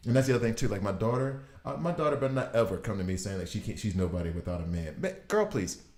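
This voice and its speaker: Exasperated low-voiced man riffing on a game. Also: very fast, a little mellow, slight background noise. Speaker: gaming video host. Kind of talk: casual gameplay commentary. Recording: roomy echo.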